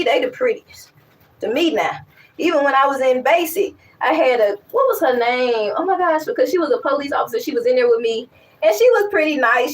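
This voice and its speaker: A young woman talking casually and candidly to her viewers, animated and rambling, with frequent restarts. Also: sits high, distant mic, low-quality recording. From West Africa. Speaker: vlogger. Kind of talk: casual chat to camera.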